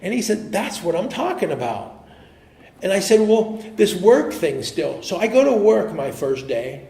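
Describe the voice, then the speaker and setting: A man's voice: high voice, gravelly. Earnest man telling his story in an echoey hall. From Pittsburgh area. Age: middle-aged. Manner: earnest and animated, quick to laugh, trailing off to a murmur. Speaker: AA speaker. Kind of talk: personal recovery story told to a meeting. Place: meeting hall.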